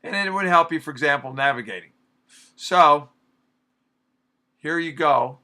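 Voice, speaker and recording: Guy teacher, kinda high and really bright voice, chatty explaining to the class. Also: measured pace. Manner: casual, explains and paraphrases.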